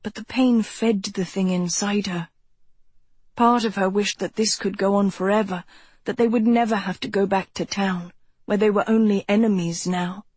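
A woman narrating a novel as an audiobook, in even, measured storytelling. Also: medium pitch, breathy edge, dry recording.

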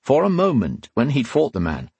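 A man narrating a fantasy audiobook in a measured, dramatic reading style. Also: mid-range voice, huge pitch swings, creaky, darkish tone, slightly rough, dry recording.

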